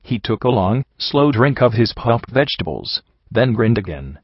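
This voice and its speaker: A man reading a first-person story aloud in a steady, descriptive manner. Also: medium pitch, normal speed, slightly rough, dry recording, muffled recording. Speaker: audiobook narrator.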